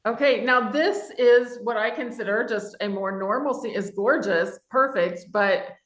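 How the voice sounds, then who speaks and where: A woman's voice: a little high, unhurried, reverberant. A woman hosting a casual interview, giving short encouraging responses and comments. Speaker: podcast host.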